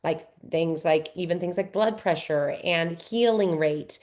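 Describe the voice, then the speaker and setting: Mellow low-voiced woman coaching caregivers. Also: unhurried. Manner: folksy and conversational, often adding "right?" and "good gracious"; coaching, asks the listener gentle questions. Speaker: workshop speaker for caregivers. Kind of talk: live presentation with slides.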